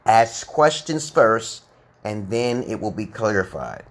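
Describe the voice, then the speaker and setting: A man's voice: on the low side, sing-song, takes it slowly. A man in his forties giving a casual, rambling English lesson on a live stream, asking "okay?" again and again. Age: 40s. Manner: rambling, repeats "okay?" often.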